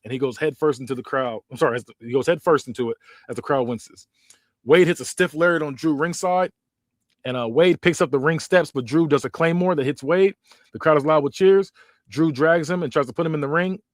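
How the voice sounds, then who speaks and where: Man narrating in a hurried, stumbling way. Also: a little high, no room sound, clean studio sound. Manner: hurried, with frequent restarts and self-corrections. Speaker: podcast host. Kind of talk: casual story narration.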